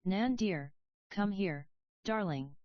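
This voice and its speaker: A woman reading the part of a sharp-tongued, protective old grandmother who scolds in a matter-of-fact way. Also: medium pitch, expressive, slow, no room sound, lo-fi sound. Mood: scolding.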